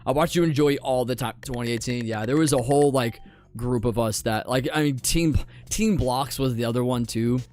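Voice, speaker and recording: A young adult man streaming a game, chatting casually with his viewers and commentating his play, often repeating phrases and dropping into quiet mutters. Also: mid-range voice. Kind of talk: casual live-stream chat with gameplay commentary.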